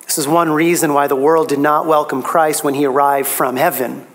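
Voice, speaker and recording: A man preaching a sermon, emphatic, his pitch rising on key phrases. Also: level tone, normal speed.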